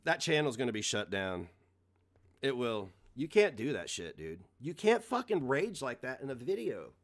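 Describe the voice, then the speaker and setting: A man's voice: mid-range voice, sing-song, moderate pace. A man ranting casually on a live stream, mocking and swearing, laughing often at his own jokes.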